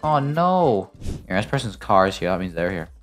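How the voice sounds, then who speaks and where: A British man plays through a game on video and chats as he goes, bantering and joking. His voice swings hugely from low mutters up to loud, high yelps. Soft game music plays faintly underneath. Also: normal speed. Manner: excitable, jokey banter with sudden loud yelps. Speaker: gaming video creator. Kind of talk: playing a game and commenting.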